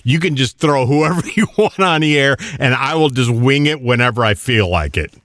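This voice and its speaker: A man's voice: medium pitch, expressive, normal speed, fairly bright tone, no room sound, studio quality. A man co-hosting a radio show, telling an exasperated story with swearing and laughing at himself. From the American South. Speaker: radio co-host. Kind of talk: casual radio banter.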